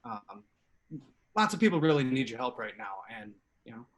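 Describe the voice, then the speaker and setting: A man's voice: medium pitch, sing-song, normal speed, gravelly. A man hosting a live improv comedy show over a video call, chatty and upbeat with lots of fillers. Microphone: home computer mic on video call.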